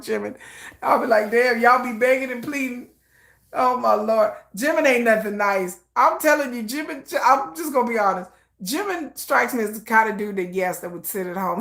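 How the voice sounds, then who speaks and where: A woman giving casual live reaction commentary, gossiping in an animated way and acting out quoted lines. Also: medium pitch, creaky.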